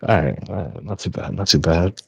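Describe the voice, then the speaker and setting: Deep husky man joking at the table. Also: expressive, brisk, a little mellow, no room sound. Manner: joking, swearing. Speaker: player. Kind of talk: casual chat at a tabletop game.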